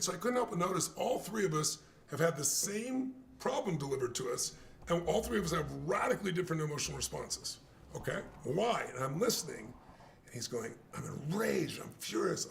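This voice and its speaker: An older man tells his stories with a lively, animated energy, often slipping into the voices of people he is quoting. His voice sits a little high and carries a gravelly edge, with a faint hum in the background. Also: a little fast. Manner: lively anecdotes, acts out quoted dialogue. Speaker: guest speaker. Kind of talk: animated storytelling in a conversation.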